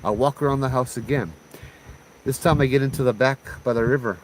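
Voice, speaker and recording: A man from Hawaii tells a ghost story in a relaxed, chatty way, dropping slang and laughing as he goes. His voice sits at a middle pitch. Faint outdoor sounds, like insects, are heard behind him. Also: brisk, a little hiss or hum, poor audio. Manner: laid-back, chatty, laughs often, uses slang like bruh. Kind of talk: casual ghost story telling.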